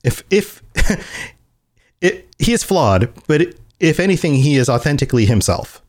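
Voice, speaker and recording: Speaking a little slowly, this podcast co-host has a fairly high voice with big pitch swings. He chats casually and rambles, often restarting, and laughs while acting out scenes.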